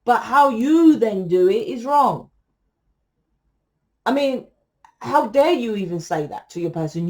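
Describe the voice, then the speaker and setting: A woman's voice: fairly high pitch, animated, takes it slowly, pauses often. A woman giving a casual tarot reading, blunt and lecturing, swearing freely as she talks to her viewers. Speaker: tarot reader.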